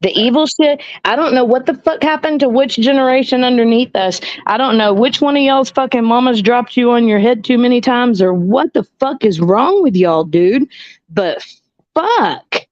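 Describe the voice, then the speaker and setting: A woman's voice: fairly high pitch, moderate pace, a little mellow, no room sound. A woman from Texas with a Southern accent speaks bluntly and swears freely. The sound is dry and dull, like lo-fi call audio. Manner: blunt, profane and heated. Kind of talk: live stream call-in rant.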